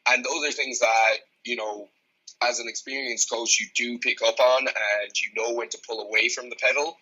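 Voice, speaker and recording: A man's voice: mid-range voice, steady tone, moderate pace, sharp tone, breathy edge, low-quality recording. A young man in his twenties with an Irish accent, a strength coach talking bluntly and frankly as a podcast guest, swearing freely. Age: 20s. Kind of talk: casual podcast conversation.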